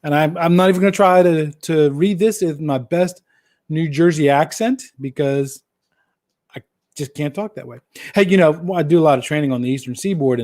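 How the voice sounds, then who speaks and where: A man with a slightly higher-than-average voice hosts a casual live-stream Q&A and answers viewer questions. His delivery is folksy and jokey. He often repeats key phrases to drive them home. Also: a little mellow.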